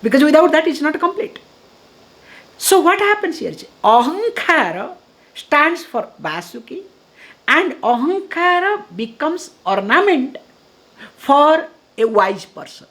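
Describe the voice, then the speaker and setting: Lively Indian woman teaching scripture. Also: high voice. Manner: animated, chuckling, acts out dialogue; chants Sanskrit verses slowly. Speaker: spiritual teacher. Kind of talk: scripture discourse.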